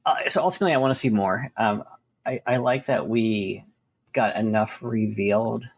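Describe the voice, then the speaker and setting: A man's voice: on the low side, moderate pace, gravelly, breathy edge. A man co-hosting a casual podcast interview, rambling loosely and circling back on his points. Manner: rambling, full of fillers and restarts.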